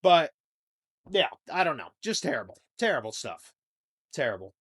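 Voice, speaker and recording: A young man hosting a comedy podcast, rambling through a crude monologue that swings between loud outbursts and low mumbling. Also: sing-song, moderate pace, slightly rough. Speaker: podcast host.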